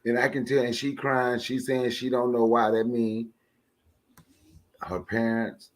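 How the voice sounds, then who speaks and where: A man's voice: mid-range voice, little pitch movement, measured pace, a little hiss or hum. A man co-hosting a casual radio talk show, blunt and emphatic, his voice rising when he gets heated. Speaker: co-host.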